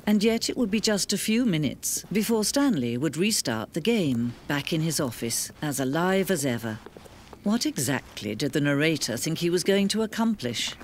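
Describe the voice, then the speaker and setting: A woman voicing a calm, philosophical second narrator in a video game, speaking in a steady, questioning way. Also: low voice, moderate pace, slight background noise. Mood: solemn.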